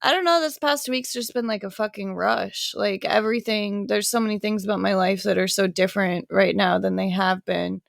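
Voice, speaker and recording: A woman's voice: medium pitch, steady tone, moderate pace, creaky, few pauses, dry recording, clean studio sound. A woman hosting a podcast in casual chat, talking loosely, laughing often and swearing freely. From California. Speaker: podcast host.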